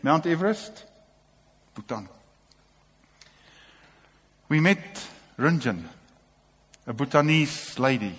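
Man, preacher, sermon, impassioned, short repeated exhortations, slightly high voice, long hall reverb. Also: sing-song, slow pace, long pauses, a bit bright, husky.

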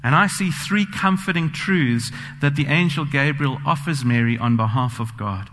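A man's voice: fairly high pitch, normal speed, fairly bright tone. A man preaching a sermon, earnest and personal, telling stories with frequent fillers. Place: church sanctuary. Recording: long church reverb.

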